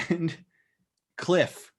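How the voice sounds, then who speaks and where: A woman's voice: extremely slow, crowd noise. A woman co-hosting a podcast, casually reviewing a movie and retelling scenes with lots of laughter. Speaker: podcast co-host.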